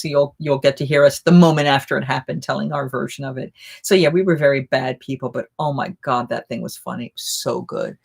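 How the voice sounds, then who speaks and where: A woman hosting a casual live chat, telling rambling, animated anecdotes. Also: rumbling low, gravelly, slightly rough.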